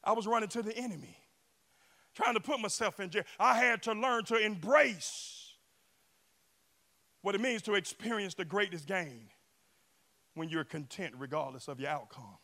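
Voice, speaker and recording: A male pastor preaching a sermon in a church, shouting and chanting with call-and-response to the congregation. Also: sits high, normal speed, long pauses. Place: church sanctuary.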